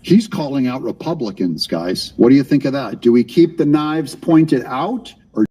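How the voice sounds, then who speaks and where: A man's voice: mid-range voice, animated, normal speed, mellow, breathy edge. A man hosting a live-stream of political commentary, ranting sarcastically and calling on his chat directly.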